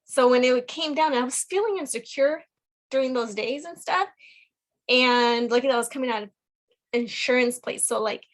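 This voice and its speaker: A woman's voice: high-pitched, moderate pace. A woman guest on a podcast call, sharing her personal story in a chatty, earnest way with lots of "like" fillers. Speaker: guest, program member. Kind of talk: casual personal testimony.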